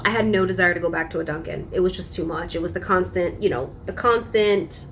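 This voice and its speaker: Animated young woman telling a story. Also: fairly low pitch, fairly quick, a little hiss or hum. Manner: animated, emphatic retelling with frequent laughs. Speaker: vlogger. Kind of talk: casual storytelling.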